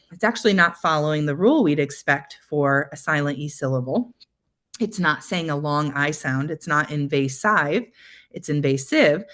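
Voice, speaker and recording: A young woman with a low voice walks teachers through a classroom routine in a webinar. She explains each step patiently and clearly, with frequent ums between points, speaking into a computer mic. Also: a bit bright. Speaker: literacy coach presenting a webinar. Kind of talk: instructional webinar presentation.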